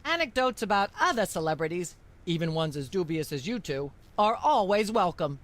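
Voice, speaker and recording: A woman voicing a condescending talk show host in a video game, with sharp, acerbic remarks. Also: fairly low pitch, big pitch swings, normal speed. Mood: haughty.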